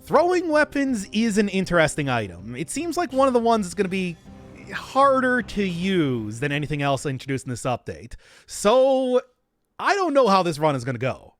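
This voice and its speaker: A male streamer chatting loosely with his viewers while he plays, drifting off-topic and laughing often. His voice sits fairly high for a man and jumps around a lot in pitch, full of lively swoops. A faint bit of music plays underneath. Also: moderate pace. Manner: rambling, giggly, talks to chat. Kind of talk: casual gaming livestream chat.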